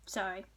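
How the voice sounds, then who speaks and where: A woman storyteller retelling a folk tale casually, chatty and rambling, with many asides. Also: bright, forceful tone.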